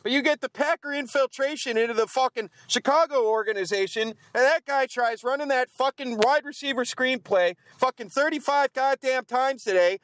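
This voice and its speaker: A man rants after the game, cursing and grumbling in a fairly high, smooth voice. The sound is dry and close, with little room around it. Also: fairly bright tone, dry recording. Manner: profane, grumbling rant. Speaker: fan vlogger. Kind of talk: ranting post-game chat. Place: outdoors in the cold.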